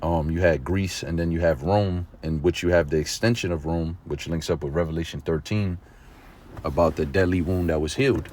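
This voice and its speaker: A man with a low voice speaks at a moderate pace as he gives an informal religious lesson, preaching conversationally. He checks in often with listeners and sometimes grows excited and emphatic.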